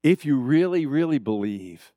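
A middle-aged man preaching a sermon, asking the congregation for amens and swinging between loud, raised emphasis and low, quiet asides. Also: big pitch swings, normal speed, no room sound, clean studio sound. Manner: preaching with call-and-response, asks for amens. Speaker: pastor.

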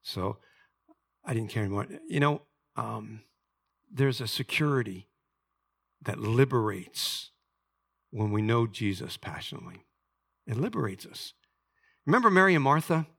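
A man preaching a sermon as pastor, moving between soft confiding storytelling and loud, fervent peaks. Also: medium pitch, very animated, unhurried, gravelly, long pauses, husky. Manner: drops to soft confiding tones for personal story.

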